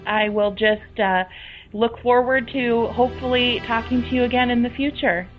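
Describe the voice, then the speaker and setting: A woman's voice: fairly high pitch, steady tone, moderate pace. A woman with a Midwestern American accent hosting a podcast interview in a casual, earnest way, often restarting her sentences. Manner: earnest, repeats words when starting sentences. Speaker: podcast host. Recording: dull lo-fi audio with faint music.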